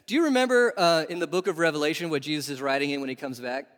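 A man preaching a sermon in a lively, animated way, putting question after question to his listeners. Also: fairly high pitch, rapid-fire. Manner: animated, asks the audience questions. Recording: long reverb of a large hall.

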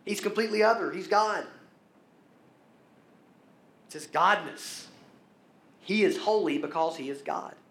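A fairly high-voiced man preaching a sermon in an echoey room. He drives his points home with repeated phrases, climbing higher and louder as he builds. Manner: builds emphasis through repetition, rising in pitch and volume. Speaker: pastor.

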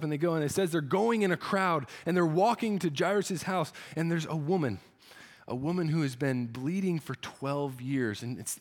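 A male preacher retells a story in an earnest sermon. He restarts his phrases often, and his voice is a little high for a man. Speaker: pastor.

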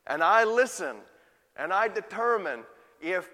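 A man's voice: sits high, lively intonation, measured pace, bright, forceful tone, big-room sound. A man preaching a sermon and putting rhetorical questions to his congregation. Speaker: pastor.

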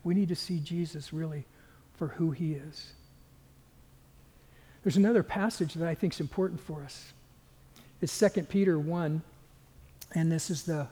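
A man with a high, husky voice preaches a sermon in a church sanctuary, earnest and at times sinking to a near whisper. The tone is mellow and dark, and his words ring out with a long hall reverb. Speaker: pastor.

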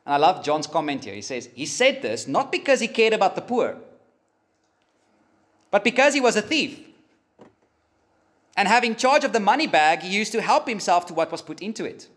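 Man, sermon, lively rising pitch, fairly high voice. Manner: emphatic, pausing, rises for emphasis. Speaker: pastor.

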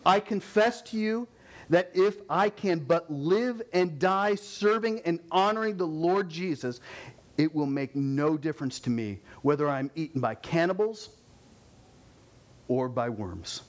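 A devout young missionary answers his critics with calm conviction, as a man preaching reads his words. The delivery is earnest and measured, close to a plain speaking voice. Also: fairly high pitch. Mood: resolute.

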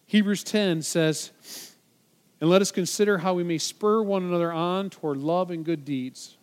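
A man's voice: sits high, expressive, normal speed. A man preaching a sermon as pastor, emphatic, his voice rising sharply when he quotes scripture. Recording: long hall reverb.

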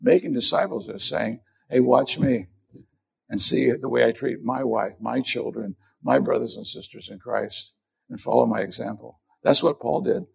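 A middle-aged man delivers a sermon, a pastor with a gravelly edge and a somewhat husky tone. He preaches earnestly but conversationally, often turning the point on himself. His pitch sits in an ordinary middle range. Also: normal speed.

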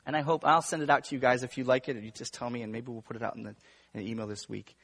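A man's voice: medium pitch, flat delivery, very fast, husky. Man preaching in an echoing sanctuary. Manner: swings between hushed and emphatic. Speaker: pastor. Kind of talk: sermon. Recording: long reverb of a large room.

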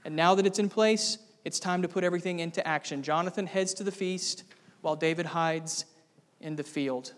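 A man preaching an expository sermon as pastor, emphatic, with sudden dramatic rises in pitch and volume. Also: moderate pace. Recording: long hall reverb.

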